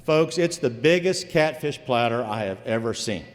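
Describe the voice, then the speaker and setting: A man's voice: mid-range voice, lively intonation, moderate pace, big-room sound. A man from Virginia, a former investigator, telling a true story live on stage in a folksy way, calling the audience folks.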